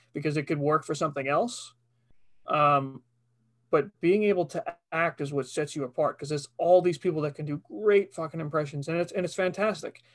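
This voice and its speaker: Here is a man with a somewhat high voice, a voice actor guest on a podcast. He talks earnestly about his craft in casual conversation. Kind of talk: casual chat.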